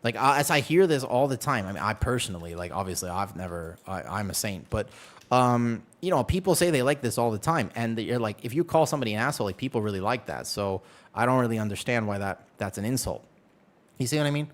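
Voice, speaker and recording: Animated young man streaming games. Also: fairly low pitch, fast talker. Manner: animated, joking, chatting to viewers. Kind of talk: casual gaming stream chat.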